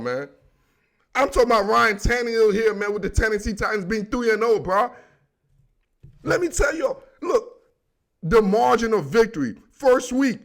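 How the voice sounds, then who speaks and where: A young man giving a solo football recap, talking in excitable, joking slang. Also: sits high. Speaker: sports commentator.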